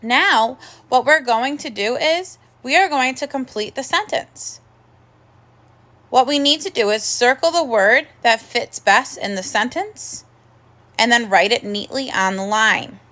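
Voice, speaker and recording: A woman teaching a first grade phonics lesson, slowly sounding out words and praising the children. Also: on the high side, fairly bright tone. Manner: slow, clear, encouraging teacher talk with drawn-out sounds.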